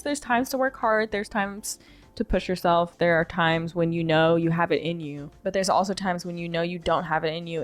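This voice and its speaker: A young woman gaming streamer giving casual, earnest commentary, rambling and openly emotional. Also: on the low side.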